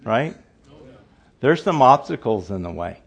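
A man's voice: medium pitch, very animated, measured pace, gravelly, slightly rough, dull audio. An older man giving an informal Bible teaching, repeating his points for emphasis and often restarting his sentences.

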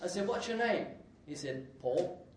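A man's voice: sits high, animated, unhurried. Guy preaching in a big echoey church, cracks jokes, laughs a lot, mic a ways off. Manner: jokey, laughs often, sudden loud outbursts. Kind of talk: sermon. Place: church hall. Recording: echoey hall, distant mic, faint noise.

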